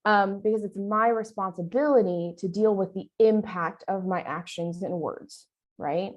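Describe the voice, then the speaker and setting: A woman's voice: mid-range voice, normal speed, dull audio. A woman leading a training session, talking in a conversational way and often checking in with "right?". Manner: talks with her arms. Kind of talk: training presentation.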